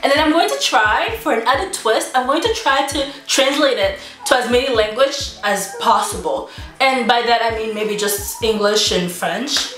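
Woman vlogger, playful and self-mocking, animated pitch, roomy sound with music behind. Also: normal speed. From United States. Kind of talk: casual vlog, practicing phrases aloud. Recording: roomy room with background music.

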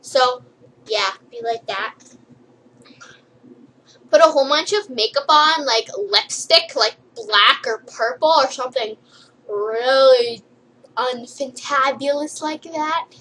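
A woman's voice: sits high, takes it slowly, long pauses, sharp tone, slight background noise, low-quality recording. A young woman vlogger rambling playfully and giggling through a silly list. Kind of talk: silly comedic list vlog.

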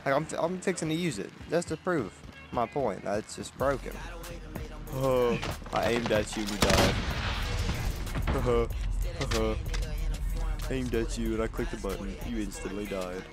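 A man's voice: lowish voice, moderate pace. A man giving casual gameplay commentary, exasperated and trash-talking. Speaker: gamer commenting on his own play. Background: loud game music and gunfire.

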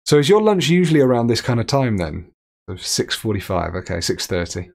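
A man's voice: mid-range voice, big pitch swings, brisk, vocal fry. A man streaming a game live, chatting, reading viewer messages aloud and laughing often.

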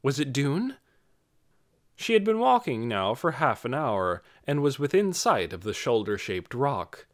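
Man narrating with a lively, expressive delivery. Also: mid-range voice, unhurried. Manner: expressive storytelling. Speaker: audiobook narrator. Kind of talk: scripted narration.

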